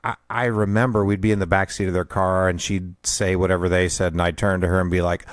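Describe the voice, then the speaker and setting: A man's voice: sits low, flat delivery, fast talker, hardly any pauses, no room sound, clean studio sound. A man in his fifties hosting a podcast, telling a rambling personal story in a self-deprecating, chuckling way. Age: 50s. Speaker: podcast host.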